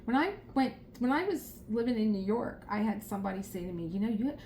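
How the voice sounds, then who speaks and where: This middle-aged Philadelphia crafter speaks a little fast in an animated, darkish, mid-range voice with a South Philadelphia accent. She rambles and laughs often in casual vlog chat, with slight background noise.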